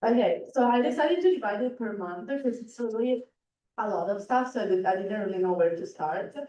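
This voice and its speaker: A teenage exchange student from Italy, giving a chatty presentation full of "like" and "um". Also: female voice, mid-range voice, lively intonation, fairly quick, dark tone, lo-fi sound. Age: teens. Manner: chatty, lots of "like" and "um". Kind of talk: informal presentation to a club. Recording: roomy hall sound, distant mic.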